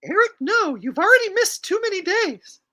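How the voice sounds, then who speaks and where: A man in falsetto as a scolding cartoon mom. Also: very animated, moderate pace, bright, forceful tone, full character voice. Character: stern cartoon mother scolding her son.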